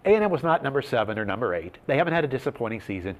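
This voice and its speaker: Speaking very fast with a medium-pitched voice, this sports betting show host leads the segment energetically and emphatically while presenting odds and stats.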